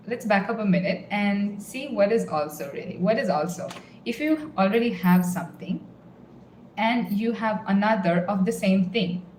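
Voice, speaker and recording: A woman teaching a beginners' language lesson, explaining each step patiently and repeating example phrases slowly. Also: mid-range voice, darkish tone, reverberant, a little hiss or hum, rough recording.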